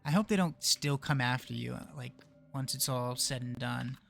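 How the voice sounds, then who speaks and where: Young man, casual gameplay commentary, gravelly voice, faint background music. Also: medium pitch, moderate pace, a bit bright. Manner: thinking aloud, muttering. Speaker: gaming video creator. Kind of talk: casual let's play commentary.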